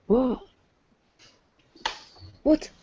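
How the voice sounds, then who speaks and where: A woman's voice: drawn-out words, lo-fi sound, a little hiss or hum. A woman in an online chat, explaining things patiently and step by step. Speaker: guest explaining science.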